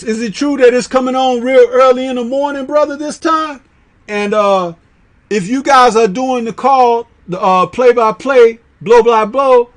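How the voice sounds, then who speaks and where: A man with a Chicago accent hosting a casual live chat, reading out viewer comments in a slangy, animated way and laughing often. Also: high-pitched. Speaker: livestream host reading chat.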